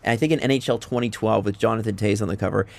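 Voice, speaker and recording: A man's voice: fairly low pitch, racing, creaky, darkish tone. A young man hosting a podcast, rambling and laughing often as he chats. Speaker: podcast host. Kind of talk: casual chat.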